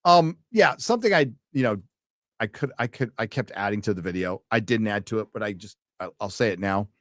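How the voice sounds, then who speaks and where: A man's voice: fairly low pitch, animated, fairly quick, dry recording, clean studio sound. A man hosting a casual late-night livestream, reading out viewer donations and rambling with wry, profane asides.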